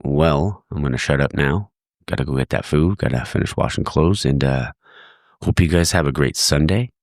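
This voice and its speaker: Very deep, congested man signing off a podcast. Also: normal speed, gravelly, no room sound, studio quality. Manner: relaxed, thankful, chatty sign-off. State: congested and tired. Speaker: podcast host. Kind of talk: solo podcast outro.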